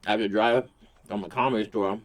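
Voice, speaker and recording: A man with a fairly low voice tells a comic story to camera in a casual, rambling way. He swears freely and keeps the delivery crude and loose. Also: steady tone, a little fast. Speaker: host.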